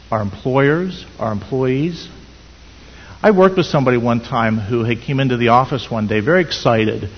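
A man's voice: mid-range voice, slight background noise. A man preaching a sermon in an earnest, storytelling manner with many rhetorical questions. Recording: dull sound in echoey hall.

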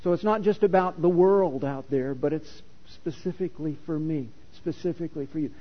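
A man's voice: on the high side, normal speed. A man preaching a sermon as a pastor, teaching in a conversational way with rhetorical questions to the congregation. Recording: dull sound with long hall reverb.

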